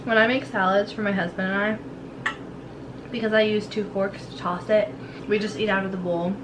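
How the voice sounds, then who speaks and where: A young woman and mother with a sick, hoarse voice, chatting casually and rambling through a home vlog, full of "like". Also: medium pitch, fairly even intonation, moderate pace, far from the mic. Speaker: vlogger and mother. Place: home kitchen and garden. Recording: roomy, off-mic, household noise.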